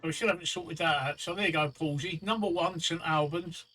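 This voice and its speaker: A man's voice: on the high side, quick pace, bright, forceful tone, a little hiss or hum, poor audio. A man hosting a casual live-stream chat, chatty and teasing, often repeating himself. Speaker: stream host.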